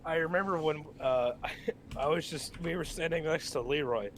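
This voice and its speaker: A man's voice: a little high, normal speed, a little hiss or hum. A young man chatting casually with friends, joking and using crude banter. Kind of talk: casual chat among friends.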